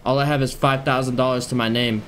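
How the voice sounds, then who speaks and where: A man's voice: mid-range voice, fairly even intonation, fairly bright tone. Profane, hot-tempered gaming streamer man. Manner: profane, quick to anger. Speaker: streamer playing a role-play game. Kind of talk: casual in-character gaming banter.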